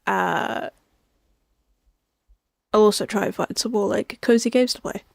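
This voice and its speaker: A woman's voice: mid-range voice, unhurried, gravelly, no echo, studio quality. A woman streamer chatting casually while sleepy and yawning, rambling and self-deprecating, often trailing off.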